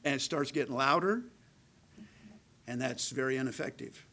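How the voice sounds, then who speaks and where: A middle-aged man preaching a sermon, calling for amens and moving between loud emphatic delivery and a hushed near-whisper. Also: mid-range voice, normal speed, a little hiss or hum, poor audio. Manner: calls out "amen" to the congregation. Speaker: pastor.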